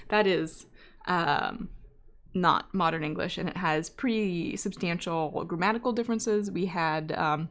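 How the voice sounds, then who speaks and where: A woman with a mid-range voice speaks a little slowly while hosting a live coding stream as a data scientist. She thinks aloud casually, full of fillers and asides, and occasionally reads viewer chat messages out loud.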